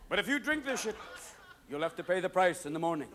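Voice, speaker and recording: A man with a very high voice tears through a stand-up set on a theater stage, jumping manically from one voice to the next. The live concert recording carries loud audience laughter and a noisy room behind him. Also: crowd noise. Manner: manic, rapid voice switching. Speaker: stand-up comedian.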